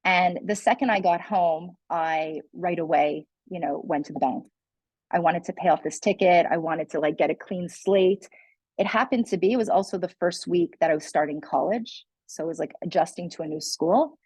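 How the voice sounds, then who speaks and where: A woman's voice: lowish voice, moderate pace, a little mellow, slightly rough, no room sound, poor audio. A young adult woman, a guest speaker, telling her personal story in a candid, earnest way with many "like" and "you know" fillers. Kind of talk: personal testimony in a conversation.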